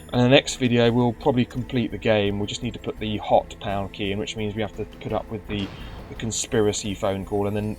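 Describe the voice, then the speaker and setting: A man's voice: on the low side, a little mellow. A man giving casual gameplay commentary, grumbling and sarcastic, with stumbling restarts. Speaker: let's play commentator.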